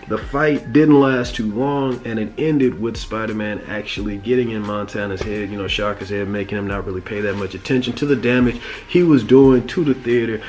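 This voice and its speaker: A man's voice: lowish voice, a little mellow. Slangy man casually recapping a cartoon. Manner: slangy, profane, rambling. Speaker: show reviewer.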